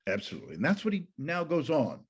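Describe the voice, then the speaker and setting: A man's voice: fairly high pitch, huge pitch swings, fast, breathy edge. An older man, a pastor teaching a Bible study in a thoughtful, digressive way, correcting himself often. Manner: thoughtful, digressive, with frequent fillers and self-corrections. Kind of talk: informal Bible lecture.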